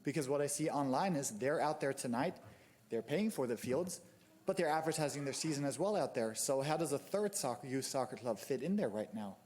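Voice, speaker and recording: A man's voice: mid-range voice, animated, a little fast, a little mellow. A man giving an angry, exasperated public comment at a city commission meeting, stumbling over his words at a podium microphone. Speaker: youth soccer club member speaking at public comment.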